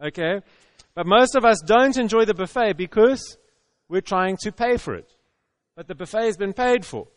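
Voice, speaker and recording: A man preaching a sermon in a relaxed, conversational way, acting out the voices of the people in his story and often chuckling. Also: high voice, dry recording, long reverb tail.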